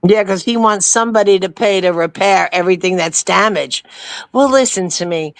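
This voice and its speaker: A woman's voice: medium pitch, normal speed, dry recording. A woman co-hosting a casual political chat show, telling stories in an emphatic, chatty way. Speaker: podcast co-host.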